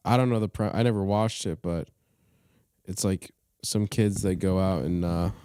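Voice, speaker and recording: A man's voice: low-pitched, moderate pace, dark tone, clean tone, no echo, clean studio sound. A young man co-hosting a podcast in casual chat, laid-back and slangy, often hesitating. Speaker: podcast co-host.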